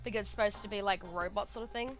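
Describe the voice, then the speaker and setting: A woman with an Australian accent, chatting and reacting excitedly while playing a game, swearing freely. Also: mid-range voice, very fast. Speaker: gaming streamer. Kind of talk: casual let's-play commentary. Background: game music.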